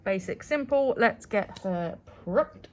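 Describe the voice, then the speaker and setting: A woman's voice: medium pitch, lively intonation, slow. Dry, teasing woman at work. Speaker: nail artist and channel host. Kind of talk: casual chat while working.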